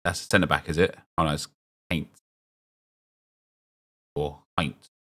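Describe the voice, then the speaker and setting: A young man streaming a football game, chatting with viewers and reacting loudly to what he opens. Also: rumbling low, brisk. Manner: chatty, reads chat aloud, gets loud and excited at good pulls. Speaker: gaming streamer. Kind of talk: live stream commentary opening game packs.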